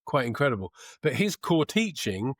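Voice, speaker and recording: Thoughtful man speaking slowly, dry sound. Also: mid-range voice, very animated, dry recording. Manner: thoughtful, measured, with pauses and restarts; trained actor's diction. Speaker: podcast guest. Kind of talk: reflective conversation.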